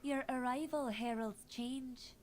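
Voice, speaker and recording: A woman's voice: high voice, slow, a little mellow, slight background noise. An actress voicing a small, proud female tribal chieftain who protects her people, speaking in a solemn, stern way. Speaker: game character. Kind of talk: game dialogue.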